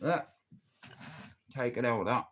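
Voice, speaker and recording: A man's voice: mid-range voice, expressive, measured pace, fairly bright tone, slight background noise. A middle-aged Irish man rambling bluntly in a casual live-stream chat, swearing freely and speaking openly about his feelings. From Ireland. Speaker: livestreamer.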